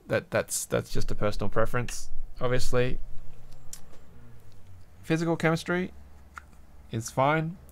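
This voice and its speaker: An Australian man chats casually on a livestream, rambling from one thought to the next as he works. His voice sits at an ordinary pitch with a gravelly, fry-laced edge. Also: lively intonation, slow pace, long pauses. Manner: rambling, musing aloud. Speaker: livestream host. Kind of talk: casual livestream chat while crafting.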